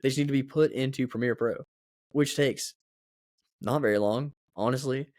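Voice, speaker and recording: A man's voice: mid-range voice, moderate pace, darkish tone, dry recording, studio quality. A young man hosting a podcast alone, rambling in a casual, chatty, self-mocking way. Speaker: podcast host. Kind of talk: casual solo podcast chat.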